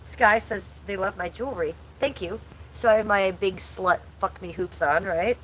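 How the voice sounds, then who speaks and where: A woman's voice: medium pitch, normal speed, a bit bright, slight background noise, low-quality recording. A woman in her forties hosting a casual livestream from home, chatting bluntly and crudely while reading chat aloud. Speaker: livestream host.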